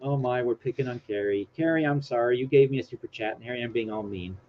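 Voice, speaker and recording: A man's voice: medium pitch, fast talker. A man hosting a casual live stream, rambling and joking about himself as he reads things off his screen aloud. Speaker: livestream host. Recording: dull lo-fi stream audio with faint hiss.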